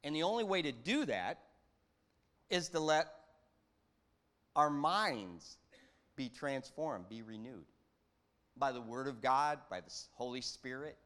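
A man preaching a sermon in a conversational way, quoting scripture and swinging his pitch and volume. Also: lively intonation, slow pace, long pauses, fairly bright tone. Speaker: pastor.

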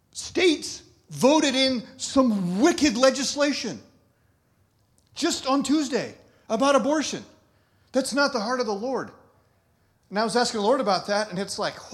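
A man with a notably high-pitched voice delivers a sermon in a loose, conversational way. He laughs often and breaks off mid-thought to start sentences over. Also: animated, normal speed, fairly bright tone. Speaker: pastor.

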